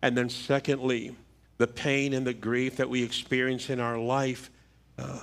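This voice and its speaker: A middle-aged man, a pastor, giving a funeral sermon in a church with a measured, halting delivery and repeated words. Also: medium pitch, level tone. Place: church sanctuary. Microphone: livestream church microphone.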